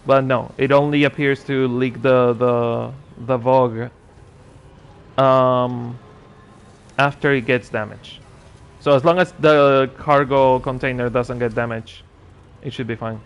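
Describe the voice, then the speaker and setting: A man's voice: medium pitch, steady tone, takes it slowly, clear, resonant tone, highs cut off. A man giving casual gameplay commentary as a streamer, chatting and muttering asides to himself with dry sarcasm. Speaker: gaming streamer.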